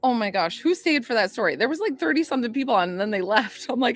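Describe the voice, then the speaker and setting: A woman psychic healer chatting on a livestream, excitable and rambling, swearing now and then. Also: on the high side, quick pace, no echo, soft background music. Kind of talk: casual livestream chat with viewers.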